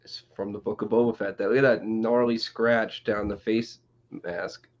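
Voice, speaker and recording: A man co-hosting a casual live-streamed chat, relaxed and laid-back. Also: on the low side, moderate pace, lo-fi sound. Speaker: podcast co-host.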